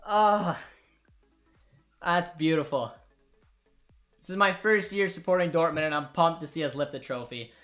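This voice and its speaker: Young man, live football watchalong host, excited and emotional, faint music behind. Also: fairly high pitch, measured pace, long pauses. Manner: excited, emotional, calls out to viewers. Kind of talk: live match watchalong commentary.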